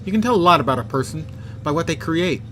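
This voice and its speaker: A man's voice: a little high, animated, fast talker, fairly bright tone, soft background music, pitched above the performer's own voice. A man voicing an arrogant, greedy male businessman who talks down to others in a game. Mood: smug. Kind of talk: reading game dialogue aloud.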